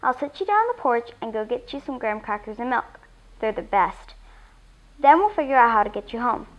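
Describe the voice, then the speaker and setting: A woman voicing a spirited, bossy little girl who talks excitedly. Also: on the high side, brisk, dull audio, close to an everyday voice. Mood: lively. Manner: excited, snappy.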